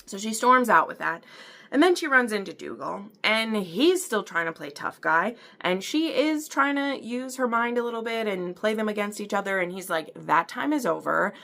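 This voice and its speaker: A woman from the American Midwest chatting through an episode recap, talkative and animated, full of fillers and acted-out quotes. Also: mid-range voice, moderate pace. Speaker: book and TV reviewer. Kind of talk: casual recap and review.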